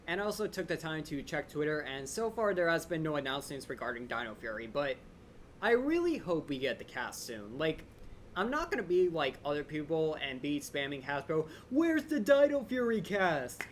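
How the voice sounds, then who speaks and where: A young man hosting a live Q&A stream, rambling quickly and eagerly with lots of fillers, his voice a little drained. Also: on the high side, slight background noise. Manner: fast, excited fan rambling with many "like" fillers. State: voice a bit drained. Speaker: channel host answering viewer questions.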